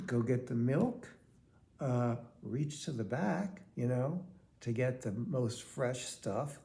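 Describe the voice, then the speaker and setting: A man's voice: medium pitch, lively intonation, takes it slowly, creaky, warm tone. An older man, telling a rambling, candid personal story. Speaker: vlogger.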